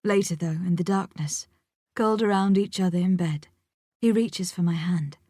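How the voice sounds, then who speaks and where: A woman narrating a first-person audiobook in a measured, reflective way, with a close studio mic. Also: fairly low pitch, dark tone, no room sound.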